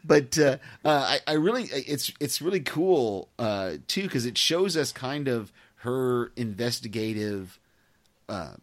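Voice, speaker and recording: A man's voice: medium pitch, animated, unhurried. A man co-hosting a podcast, chatting casually and laughing often between restarts. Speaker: podcast co-host. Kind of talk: casual chat.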